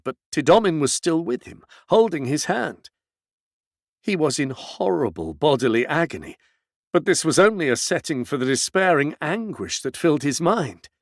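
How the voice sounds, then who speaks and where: A man reading a classic novel aloud as an audiobook narrator, with dramatic, measured delivery. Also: a little high, vocal fry, no echo, clean studio sound. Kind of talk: scripted narration.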